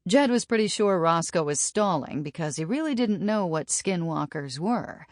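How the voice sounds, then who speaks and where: A woman narrating an audiobook in a steady, even reading. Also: fairly low pitch, moderate pace, no room sound. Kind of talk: scripted narration. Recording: dry studio audiobook.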